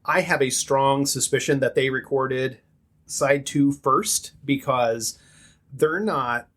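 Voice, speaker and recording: A man's voice: mid-range voice, slow, fairly bright tone. A man co-hosting a podcast, chatty and joking in casual talk. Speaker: podcast co-host. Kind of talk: casual chat.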